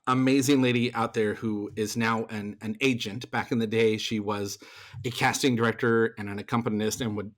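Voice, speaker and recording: A man's voice: fairly low pitch, moderate pace. A man, a theater performer and voice actor, telling a story as a podcast guest in loose, chatty speech. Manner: animated, acts out other people's lines in the story; loose, chatty delivery with fillers and restarts. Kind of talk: conversational storytelling.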